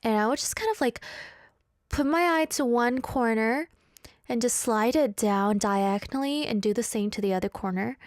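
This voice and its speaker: A woman's voice: a little high, moderate pace, no room sound. Playful, chatty woman radio host. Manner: chatty, playful and self-mocking. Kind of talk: casual chat reading listener messages. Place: radio studio.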